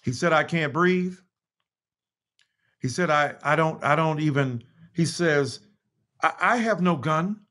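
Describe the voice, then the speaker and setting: A man's voice: fairly high pitch, a little slow, pauses often, pushed and bright. An American man in a video call, reading aloud in an impassioned, emphatic way and stopping to apologize. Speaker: guest author. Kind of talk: reading aloud in a virtual talk.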